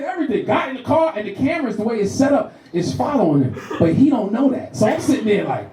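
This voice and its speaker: A man in his thirties doing a profane, animated stand-up set in a comedy club, acting out voices as he tells stories. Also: high-pitched, fast, few pauses, a little hiss or hum. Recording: roomy club sound from a distant mic.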